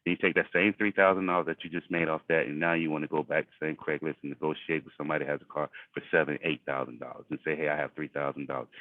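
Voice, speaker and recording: A very deep-voiced man gives a preachy motivational talk to a group. His voice comes through a tinny, phone-like call line, and the sound is dry with no room echo. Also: fairly even intonation, racing, hardly any pauses. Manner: preachy, repeats phrases for emphasis. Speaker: group leader. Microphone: video call.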